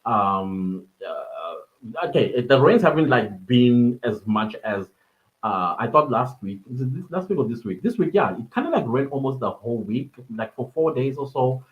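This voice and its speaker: A man's voice: medium pitch, big pitch swings, normal speed, phone-quality sound. A man from South Africa with a South African accent, hosting a podcast live stream in a rambling, casual way, with many fillers and frequent chuckles.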